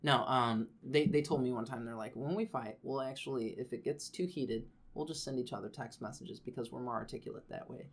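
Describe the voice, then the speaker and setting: A man's voice: medium pitch, brisk, creaky, few pauses. A man co-hosting a casual chat, telling anecdotes in a laid-back way with dry humor. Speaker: podcast co-host.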